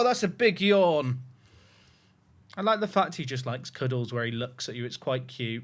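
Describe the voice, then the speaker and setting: A man on a headset mic, talking to his livestream chat while cooing to his dog in baby talk. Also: fairly high pitch. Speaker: game streamer.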